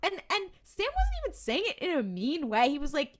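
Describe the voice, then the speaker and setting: A woman's voice: high voice, a little fast, few pauses. A woman co-hosting a podcast, recapping a TV episode in casual chat and acting out the characters' lines. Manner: animated storytelling with quoted voices and laughs. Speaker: podcast co-host.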